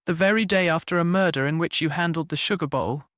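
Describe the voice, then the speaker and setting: A man's voice: fairly high pitch, fast, a bit bright, no echo, close to an everyday voice. A man plays an impatient police inspector in a cozy mystery audiobook. He bites off his questions with sarcasm and pushes witnesses hard. The sound is dry and close-miked. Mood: stern. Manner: demanding, sarcastic.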